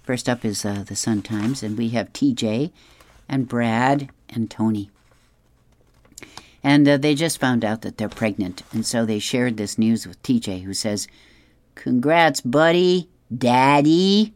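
Unhurried reader chuckling through comics. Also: medium pitch, steady tone, darkish tone. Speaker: reader of advice column and comics. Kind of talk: reading comics aloud.

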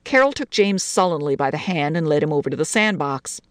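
A woman narrating a short story in an expressive, lilting reading voice. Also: low voice, fairly quick, no echo.

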